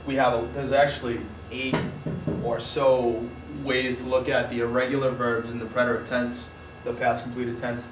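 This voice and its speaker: A man's voice: mid-range voice, level tone, moderate pace, background noise. A man teaching a grammar lesson in an informal style, explaining step by step with frequent restarts, recorded from a distance in a room. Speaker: Spanish teacher. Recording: echoey room, mic far off, faint ambience.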